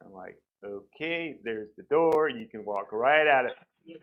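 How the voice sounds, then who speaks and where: A man's voice: mid-range voice, expressive, a little slow, a bit bright. A man at a church pulpit shares a personal testimony in a loose, conversational way. He tells the story by acting out what people said. The sound is slightly muffled and lo-fi, like a simple church recording. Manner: conversational storytelling, acts out quoted doctors. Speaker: church member giving testimony. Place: church sanctuary.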